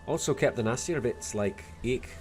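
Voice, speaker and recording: A man voicing a tough, blunt Irish woman in a video game, with a put-on Dublin accent carrying a Scottish lilt and a rough, salty way of talking. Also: mid-range voice, moderate pace, a little mellow, soft background music, natural voice. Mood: storytelling. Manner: gruff, salty, rough-spoken.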